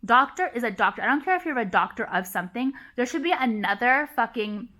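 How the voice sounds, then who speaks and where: A young woman talks straight to the camera in a heated, profane rant, repeating her points for emphasis. Her voice sits a little high and rings bright and forceful. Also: expressive, fast. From Los Angeles area. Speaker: vlogger.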